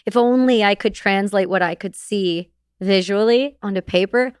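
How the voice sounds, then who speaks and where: A woman guest on a podcast, telling a personal story in an animated way with laughter and casual swearing. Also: mid-range voice, moderate pace, clear, resonant tone, no echo, clean studio sound.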